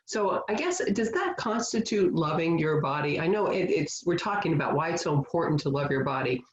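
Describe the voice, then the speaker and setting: An interview host asking questions and offering warm affirmations like "beautiful" and "awesome". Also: medium pitch, sing-song, a little fast, echoey room, muffled recording. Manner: warm, affirming, gives frequent "mm-hmm". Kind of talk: conversational interview.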